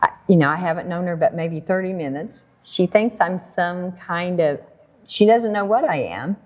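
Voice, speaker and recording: An American woman telling a personal story in a casual talk, animated and laughing often while she acts out what people said. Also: on the low side, normal speed. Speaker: guest storyteller.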